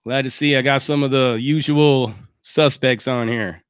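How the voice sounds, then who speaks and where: A man's voice: mid-range voice, steady tone, unhurried, smooth, dry recording, clean studio sound. A man hosting a livestream, ranting in a blunt, sarcastic way and swearing freely while thanking viewers. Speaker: livestream host. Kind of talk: casual livestream rant.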